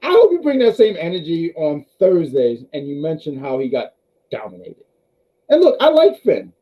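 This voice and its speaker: A man talks loosely through a live review stream, addressing his chat directly and tripping over his own restarts. His pitch jumps around a lot and sits a bit high for a man. The audio is a little dull and lo-fi. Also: wildly swooping pitch, moderate pace. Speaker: wrestling review host.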